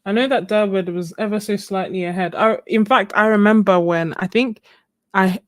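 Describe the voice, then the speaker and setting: A woman's voice: medium pitch, steady tone, normal speed, no room sound. A young woman chatting casually with viewers while she paints on a live stream, laughing often. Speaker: live-stream art host.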